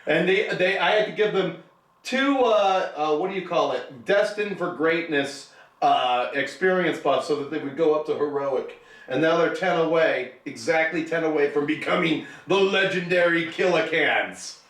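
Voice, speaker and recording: A man's voice: on the high side, normal speed, fairly bright tone. Sarcastic rambling man, echoey distant mic. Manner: sarcastic, rambling with jokey put-on voices. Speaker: show host. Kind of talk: casual hobby chat.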